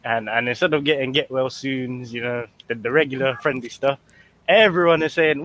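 A man's voice: medium pitch, a little fast, fairly bright tone. A man chatting with friends, complaining in a mock-aggrieved, slangy way. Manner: mock-aggrieved, repeats lines. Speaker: podcast co-host. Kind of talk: casual chat.

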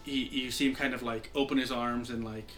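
A man with a sore throat narrates a tabletop game as game master, stumbling through ums and restarts. His voice is bright and forceful at an even middle pitch. Faint music plays behind him. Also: a little fast. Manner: rambling, many fillers and restarts.

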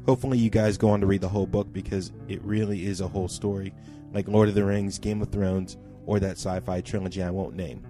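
Mellow-voiced man reading a listener email. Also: low voice, flat delivery, fast talker, hardly any pauses, soft background music. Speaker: podcast co-host. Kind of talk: reading a listener email aloud, then casual chat.

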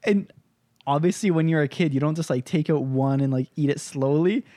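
Laid-back young man, slightly high voice. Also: fairly quick, no room sound, studio quality. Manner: laid-back, swears freely, animated storytelling with voiced impressions. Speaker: podcast co-host. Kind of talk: casual chat.

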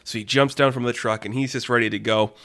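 A man's voice: medium pitch, steady tone, fast, fairly bright tone, no room sound, studio quality. A man telling an improvised story in a rambling, filler-heavy way, laughing at his own jokes.

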